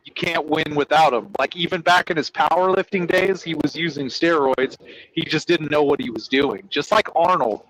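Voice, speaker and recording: A man hosting a casual podcast chat, talking in an animated, rambling, profane way. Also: fairly high pitch, normal speed, background noise. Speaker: host.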